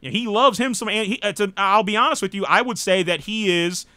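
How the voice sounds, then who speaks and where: A US political talk show host speaks a little fast in a high, bright, forward voice, recorded close and dry with no echo. His live delivery is casual and rambling, peppered with "you know"s and blunt side comments.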